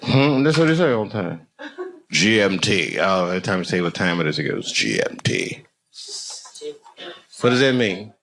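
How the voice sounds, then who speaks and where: A male comedian doing a live stand-up set, swearing freely and darting into high mock voices as he riffs with the audience. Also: expressive, brisk, a crowd in the background. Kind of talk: live stand-up routine with crowd work. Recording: loud audience noise behind.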